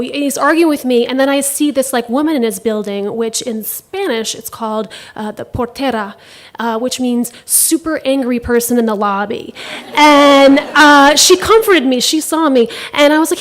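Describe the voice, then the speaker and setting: A woman's voice: high voice, moderate pace. A woman telling a first-person story on a theater stage into a microphone, wry and laughing at herself.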